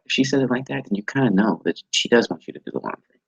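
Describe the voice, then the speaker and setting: A man teaching an online training class over a video call, halting and often repeating words as he restarts his sentences. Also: mid-range voice, expressive, creaky, husky, no echo, low-quality recording. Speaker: instructor.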